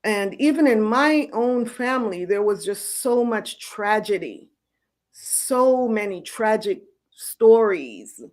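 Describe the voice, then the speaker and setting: A middle-aged woman host telling her personal faith story in an earnest, storytelling way, with soft laughs now and then. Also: medium pitch, sing-song, slow. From United States. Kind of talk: personal testimony.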